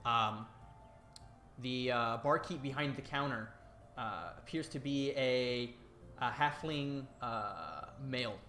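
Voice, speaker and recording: Acting as game master on a video call, this man narrates loosely and rambles, packing in fillers and laughing easily. His mid-range voice is bright and forceful, delivered slowly, with slight hiss or hum from his headset.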